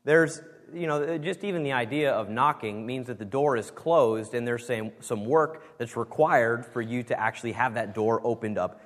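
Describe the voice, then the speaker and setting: A man's voice: medium pitch, normal speed, hardly any pauses. A man preaching a sermon as pastor, earnest and emphatic, leaning hard on key words. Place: church sanctuary. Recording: long reverb of a church hall.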